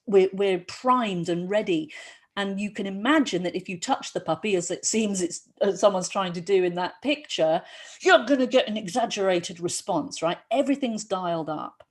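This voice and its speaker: A woman who treats performing artists, giving a lively educational talk and often checking in with the audience. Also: mid-range voice, normal speed. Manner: lively, often asks "right?". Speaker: health practitioner for performing artists.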